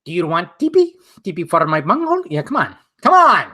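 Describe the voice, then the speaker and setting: A man doing an impression of a manic cartoon teenage boy who yells about fire, in a raspy, strained, shouty voice. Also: high voice, huge pitch swings, a little fast, exaggerated voice. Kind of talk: impression during live stream.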